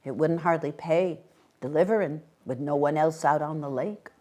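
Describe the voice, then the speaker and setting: A woman reading aloud, voicing a blunt, suspicious rural male shopkeeper who speaks loudly. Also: deep voice, fairly even intonation, normal speed, lightly acted. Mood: blunt, stubborn.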